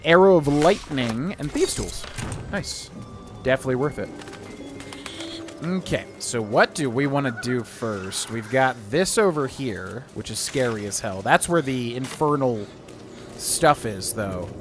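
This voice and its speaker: Relaxed male game streamer. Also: mid-range voice, measured pace, music in the background. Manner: relaxed, chatty, reading in-game text aloud. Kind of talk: casual gameplay commentary.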